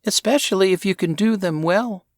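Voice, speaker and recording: A man's voice: sits high, moderate pace, no echo, studio quality, voice pushed up, close to an everyday voice. A man voicing a lonely young man who jokes in a wry, earnest way.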